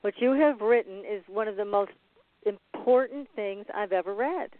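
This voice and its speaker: An interview host speaking effusively and warmly of the guest's work before asking the first question, heard over a phone line. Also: mid-range voice, moderate pace, dry recording. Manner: effusive, full of praise. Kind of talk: remote interview.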